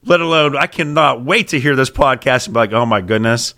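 A man with a Pittsburgh accent, co-hosting a podcast in casual chat, rambling and animated as he tells stories. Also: on the high side, fairly quick, vocal fry. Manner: rambling, animated storytelling with restarts. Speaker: podcast co-host.

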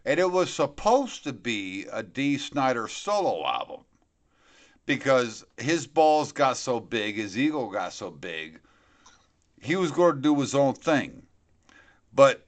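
A man's voice: mid-range voice, very animated, slow, long pauses. A man hosting a podcast in rowdy, crude casual chat, swearing freely. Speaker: podcast host.

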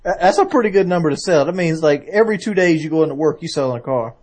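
A man's voice: a little high, expressive, quick pace, darkish tone. A man co-hosting a podcast in laid-back casual chat, cracking jokes. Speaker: podcast co-host.

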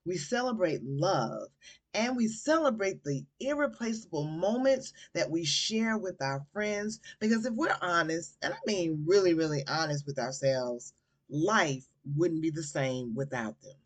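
Southern woman host in her forties, low voice, upbeat chatty podcast delivery. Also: animated, unhurried. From Georgia, USA. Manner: warm and enthusiastic, says y'all. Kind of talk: casual podcast chat.

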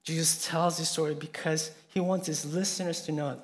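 A man preaching a sermon, telling a story earnestly and swinging between soft and emphatic delivery. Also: fairly high pitch, steady tone, moderate pace, few pauses.

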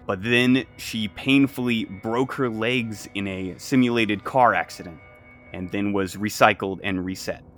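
A man running a tabletop game as game master, narrating in a halting way with lots of fillers. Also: fairly low pitch, fairly bright tone, soft background music.

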